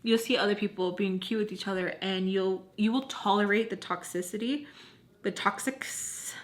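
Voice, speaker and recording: A woman's voice: mid-range voice, normal speed. A young woman vlogger telling a casual storytime, chatty and full of "like", acting out what others said. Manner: chatty, heavy use of "like", acts out quotes. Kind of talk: casual storytime while doing makeup.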